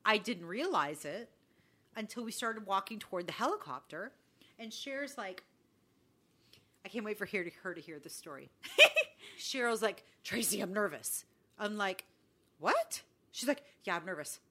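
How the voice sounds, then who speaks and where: Bright, animated woman telling stories. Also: medium pitch, moderate pace, long pauses. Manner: animated storyteller, acts out quoted dialogue. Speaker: podcast co-host. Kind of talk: casual chat.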